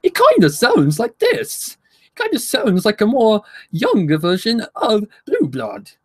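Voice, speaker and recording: A man's voice: wildly swooping pitch, unhurried, slightly rough, no echo, full character voice. A snooty young colt with a British accent, as a man puts him on, raised well above a normal speaking voice. He is spoiled and mean, a posh cartoon bully. The sound is dry and close, with no room around it. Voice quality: higher, posh.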